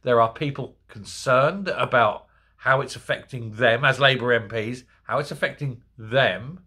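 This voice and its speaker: A man's voice: medium pitch, unhurried, pushed and bright, husky. A man delivering an indignant, sarcastic political commentary monologue. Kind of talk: ranting monologue.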